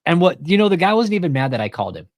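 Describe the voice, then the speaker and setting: A commentary channel host with a higher, sing-song voice talks rapid-fire in a studio-quality recording without echo. He's profane and casual, replaying a phone call by voicing both parties himself.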